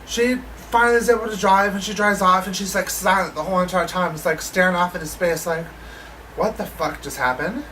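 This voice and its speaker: Animated woman telling a story. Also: lowish voice, fast talker, hardly any pauses, recorded from a distance, a little hiss or hum, low-quality recording. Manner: animated, acts out quoted voices, swears casually. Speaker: vlogger. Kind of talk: casual storytelling to camera. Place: living in Las Vegas.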